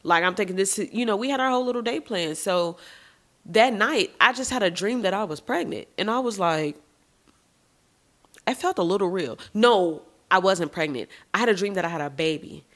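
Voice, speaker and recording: A podcast host tells her own story candidly, speaking straight to listeners she calls y'all and swearing casually, frank and expressive throughout. Her voice is mid-range at a normal speed, recorded on a podcast microphone.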